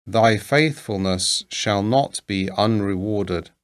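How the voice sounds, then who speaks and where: A man's voice: on the low side, slow. A man voicing a loyal, steadfast male servant in a storybook reading, speaking solemnly in formal old-fashioned words.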